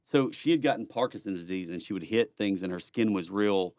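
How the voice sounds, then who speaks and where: Low-voiced man telling stories. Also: brisk, darkish tone, no echo, studio quality. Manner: earnest, rambling storyteller with frequent restarts and blunt swearing. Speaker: podcast guest. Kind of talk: casual storytelling conversation.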